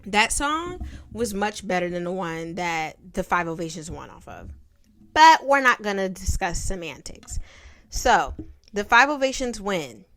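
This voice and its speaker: A young woman in her twenties reviews a childhood film in a playful, slangy, sarcastic way. She takes her time, with an unhurried, drawn-out delivery. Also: mid-range voice, big pitch swings, a bit bright, a little hiss or hum. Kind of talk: casual commentary.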